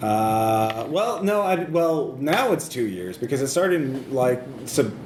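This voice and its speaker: A man hosting a relaxed group chat, rambling a bit and stopping to fix his own words as he goes. His voice sits at an ordinary middle pitch. It comes through an echoey room with a clear hiss of background noise. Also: slow pace. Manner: meandering, hesitant, self-correcting. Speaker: podcast host. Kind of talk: casual group chat about a tabletop campaign.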